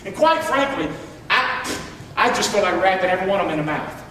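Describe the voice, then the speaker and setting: A middle-aged pastor preaches a sermon in a high, animated, brisk voice that sounds pushed and bright. He's emphatic and calls on the congregation to answer back. The recording, made from far off in an echoey church hall, has slight background noise.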